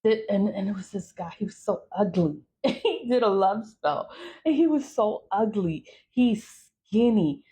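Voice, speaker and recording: Woman vlogger, blunt and profane, animated rant, big pitch swings. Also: a little slow. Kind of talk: casual warning rant to camera.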